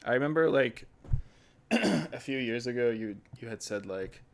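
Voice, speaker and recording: A man's voice: medium pitch, lively intonation, a little slow, vocal fry, dry recording. A man chatting as a guest on a podcast, hesitant and full of fillers. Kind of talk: casual podcast chat.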